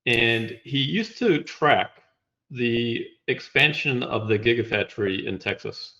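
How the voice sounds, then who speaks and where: A man walking through slides in a relaxed conversation, explaining step by step with a wry touch. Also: mid-range voice, a little slow, muffled recording. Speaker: guest presenting slides.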